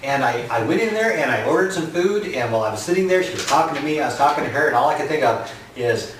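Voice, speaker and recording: A man's voice: fairly high pitch, lively intonation, quick pace, a little hiss or hum. A man chatting and joking straight to his viewers as a gardening vlogger, at home. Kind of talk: casual chat to camera. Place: indoors at home. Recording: echoey room, mic far off.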